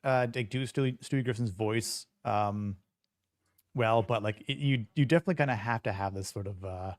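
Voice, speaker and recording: Low-voiced man rambling on a podcast. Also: moderate pace, dry recording, studio quality. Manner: rambling, many fillers and restarts. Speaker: podcast co-host. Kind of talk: casual chat.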